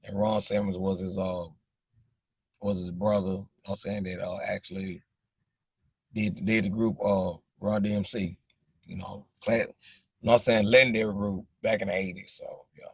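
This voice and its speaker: A man's voice: low voice, little pitch movement, normal speed, vocal fry, slightly rough, no room sound, dull audio. A man with a Southern accent from Arkansas, rambling in a casual live chat with viewers and repeating "you know what I'm saying". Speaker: livestream host chatting with viewers.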